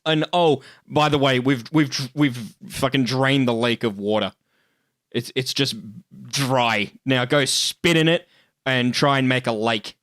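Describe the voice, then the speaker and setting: A man's voice: mid-range voice, measured pace, a bit bright, no room sound, studio quality. A man, hosting a live stream in casual chat, swearing and joking with frequent laughs. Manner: profane, joking, laughs often. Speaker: streamer host.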